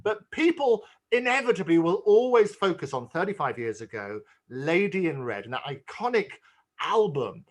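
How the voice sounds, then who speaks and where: An effusive male interviewer with a high voice. He chats warmly with his guest and often repeats words as he gets a sentence going. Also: very animated, moderate pace. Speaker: host. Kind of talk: interview chat.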